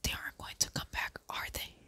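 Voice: a little fast, bright, forceful tone. A reader voicing a determined young girl who tries to sound grown-up, in a whispered role-play. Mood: earnest. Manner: earnest, trying to sound grown-up.

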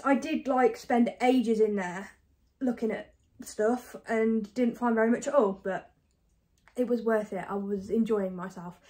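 A woman from the UK chatting casually to camera about her thrift finds, fast and self-deprecating, a bit out of breath. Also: fairly high pitch, darkish tone. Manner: chatty and self-deprecating, talks fast with many ums and likes. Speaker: reseller vlogger. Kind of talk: casual haul chat to camera.

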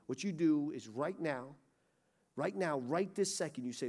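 A middle-aged man preaching a sermon, swinging from loud urgency to hushed pleading. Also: fairly high pitch, lively intonation, a little slow. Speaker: pastor. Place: church sanctuary.

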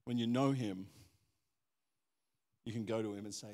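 Pastor preaching in a reverberant hall. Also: male voice, on the low side, moderate pace, long pauses. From Australia. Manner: animated storytelling, acts out quoted voices. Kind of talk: sermon with personal story. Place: church hall. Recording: church hall with long reverb.

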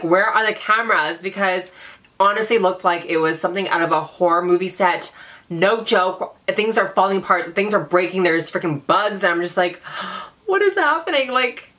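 A woman's voice: fairly low pitch, sharp tone. A young woman telling a storytime vlog in a chatty, dramatic way, full of "like" and "you know". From Vancouver, Canada. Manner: chatty, dramatic, heavy use of "like". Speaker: beauty vlogger.

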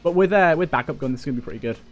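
A man's voice: fairly high pitch, expressive, racing, soft background music. A young man giving casual let's play commentary, chatty and jokey, swearing and talking to enemies as he plays.

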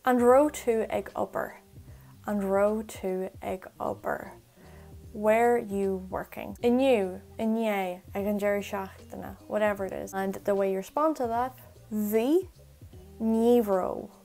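A woman tutor talks through phrases in a relaxed, chatty lesson, racing through her explanations and slowing down to repeat each example. Her voice has a gravelly edge. Soft music plays faintly under her. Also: mid-range voice. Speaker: Irish language tutor. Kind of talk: casual spoken language lesson.

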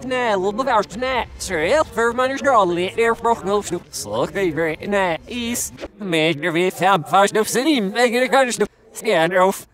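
A man in excited gaming chatter, firing off quick shouty callouts while he plays. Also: sits high.

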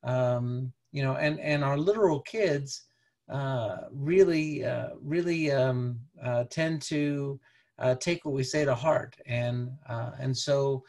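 A man presenting a parenting lecture over slides, talking in a conversational, halting way with many restarts. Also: mid-range voice, darkish tone. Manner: conversational, halting, peppered with "you know".

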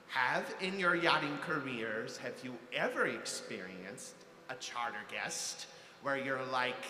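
A man's voice: mid-range voice, noisy background. A man from Arizona, an enthusiastic fan, asking the panel a question at a live convention. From Arizona, USA. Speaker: audience member asking a question. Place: large convention hall. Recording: echoey hall, crowd behind.

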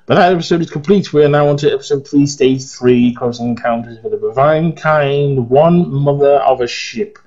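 Groggy English man with a husky voice. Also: mid-range voice, normal speed, hardly any pauses, a little mellow, muffled recording. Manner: chatty, rambling, trails off. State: groggy, voice worn out. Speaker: let's play host. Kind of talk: casual gameplay commentary.

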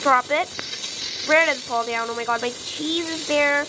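A young woman chatting through a video game as she plays it, easily flustered, with gasps and excited outbursts. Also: sits high, moderate pace, noisy background. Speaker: gaming YouTuber. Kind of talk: casual gameplay commentary.

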